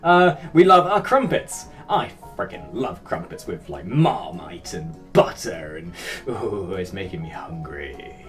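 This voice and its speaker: A man's voice: low voice, very animated, measured pace, faint music behind. A young English man hosting his own channel, answering viewer comments in rambling, self-mocking casual chat with casual swearing. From Britain. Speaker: YouTube host.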